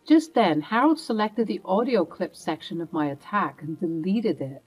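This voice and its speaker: A woman's voice: fairly low pitch, expressive, normal speed, few pauses, slightly rough, faint music behind, low-quality recording. A woman narrating a first-person family drama in an earnest, emotional way.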